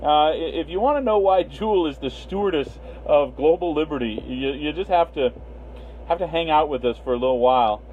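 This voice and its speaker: Fairly high-pitched, brisk, and a little mellow, this man runs a casual livestream in Las Vegas, rambling with plenty of fillers while greeting viewers by name. The recording has a tinny phone-line quality and faint hiss.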